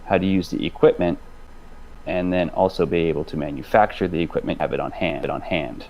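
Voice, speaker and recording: A man's voice: sits low, a little fast, vocal fry, darkish tone, a little hiss or hum, rough recording. A man talking thoughtfully in a casual group discussion on a live stream, often repeating and restarting his words.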